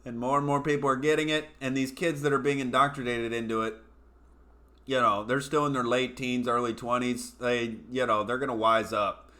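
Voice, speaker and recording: A male comedian hosts a ranting commentary show, scornful and profane, with a lot of "you know" fillers. His voice is bright and sharp at a mid pitch. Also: flat delivery, moderate pace. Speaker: comedian host.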